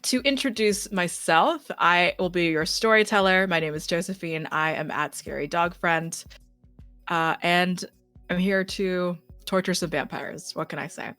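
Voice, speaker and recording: A young woman acting as game master, reading a campaign recap in a brisk, matter-of-fact way. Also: fairly low pitch, fairly bright tone, no room sound, faint music behind.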